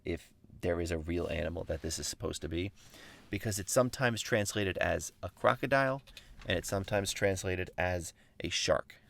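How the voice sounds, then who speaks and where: A low-pitched man with a gravelly, fry-laden voice tells an ancient story in a loose, conversational way. He corrects himself as he goes and drops jokey asides. The sound is dry and close, with no room around it. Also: no room sound. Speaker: podcast host. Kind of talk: casual storytelling of a myth.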